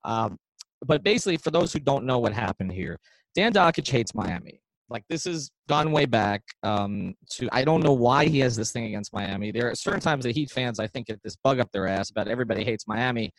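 A man co-hosting a sports podcast, telling rambling, animated stories with lots of restarts and asides. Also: mid-range voice, a little fast, vocal fry, no room sound, rough recording. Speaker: podcast co-host. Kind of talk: casual sports chat.

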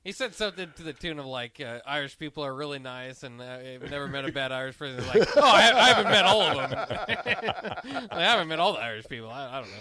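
A man's voice: medium pitch, lively intonation, a little fast, bright, forceful tone. A man co-hosting a sports radio show, talking in a hesitant, chuckling way. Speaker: radio co-host. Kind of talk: casual sports radio banter.

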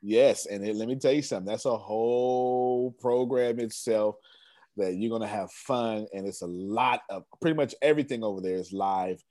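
A man's voice: fairly low pitch, moderate pace, mellow, no room sound. A man hosting a group video call, enthusiastic and emphatic, repeating his phrases and laughing often. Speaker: host of a coaching group call.

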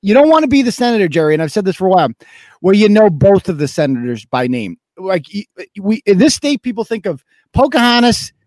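A man hosts political talk radio, quick and sarcastic, joking at others' expense. His voice sits high for a man, and the studio sound is dry and close. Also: darkish tone, dry recording. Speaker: radio host.

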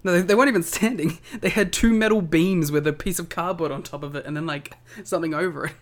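A man with an Australian accent and a slightly high voice talks quickly as co-host of a casual wrestling podcast, joking and laughing often.

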